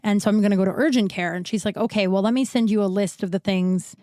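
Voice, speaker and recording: A podcast host with a medium-pitched, warm voice talks fast, recorded dry. She tells a long personal story in a chatty monologue, swearing now and then and acting out the people she quotes. She sounds a little winded, as she's recovering from illness.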